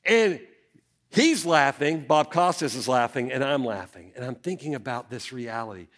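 Animated pastor preaching. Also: male voice, medium pitch, moderate pace. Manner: animated storytelling, acts out quotes. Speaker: senior pastor. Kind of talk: sermon.

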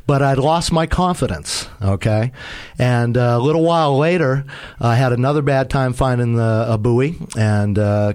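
A man casually telling a rambling, self-mocking story about sailing in fog. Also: medium pitch. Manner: rambling, self-mocking, acts out quoted shouts. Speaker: sailor telling a sea story.

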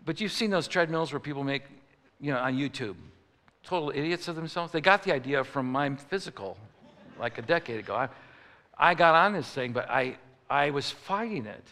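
A male preacher from Chicago tells a comic story in a lively, animated way, now and then rising into mock outrage. His voice is gravelly and very bright and sits a little high. A long hall reverb hangs on every line. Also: normal speed.

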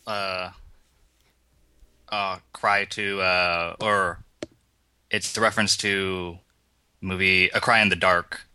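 A man's voice: low-pitched, level tone, takes it slowly, pauses often, pushed and bright, clean tone, dry recording. A man co-hosting a casual chat, rambling loosely with lots of filler words.

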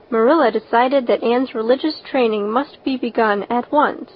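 A woman reading a classic novel aloud as audiobook narrator, in a measured, unhurried way. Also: fairly high pitch, fairly even intonation. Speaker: audiobook reader. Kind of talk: scripted narration. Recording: dull lo-fi recording.

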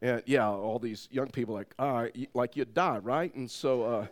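A middle-aged man preaching, telling a personal story in an animated way and laughing as he goes. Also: medium pitch, normal speed, slight background noise. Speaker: pastor. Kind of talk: sermon storytelling.

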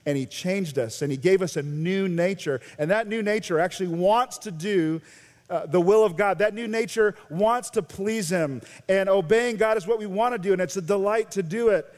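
An American pastor with a high-pitched voice preaches to his congregation. His delivery is animated, rising to loud emphasis and dropping to quiet intensity. The sound rings with the long reverb of a large sanctuary. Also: moderate pace. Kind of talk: sermon.

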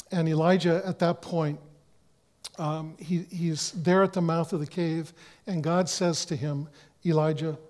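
A man preaching a sermon in an earnest way, often restarting phrases and dropping to a hush for quoted words. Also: fairly high pitch. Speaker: pastor.

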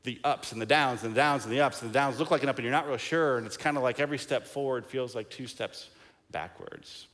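A man's voice: mid-range voice, fast talker, a bit bright. A man preaching a sermon, telling a story in a casual, joking way. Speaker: pastor.

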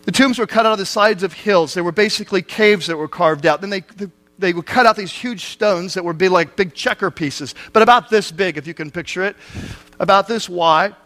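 A man's voice: high voice, a little fast, fairly bright tone. A man preaching a sermon, retelling a scripture story in everyday speech with rhetorical questions to the listeners.

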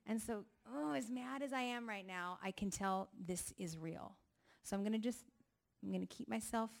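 A middle-aged woman giving a personal testimony talk at a ministry gathering, telling her story with animated, acted-out voices. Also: medium pitch, moderate pace, gravelly.

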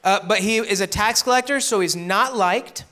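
High-voiced man leading a youth Bible lesson. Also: moderate pace, sharp tone. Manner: conversational, checks in with frequent "right?"; reads scripture aloud with asides. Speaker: youth pastor teaching middle schoolers.

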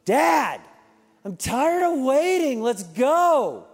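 A man's voice: sits high, fairly even intonation, fairly quick, a little mellow, lightly acted. A man voicing his impatient young son in a sermon story, whiny and demanding. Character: impatient young boy, bossy and restless. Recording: reverberant hall with music behind.

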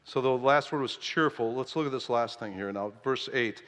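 A male pastor preaching a lively sermon, playful and animated, often jumping to high exclamations, in a church. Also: brisk, few pauses, long reverb tail. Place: church sanctuary.

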